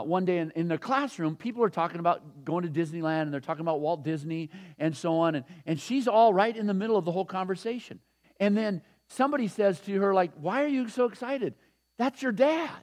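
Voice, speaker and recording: A man in his sixties preaching a sermon, animated and repetitive, laughing often. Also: on the high side. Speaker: pastor.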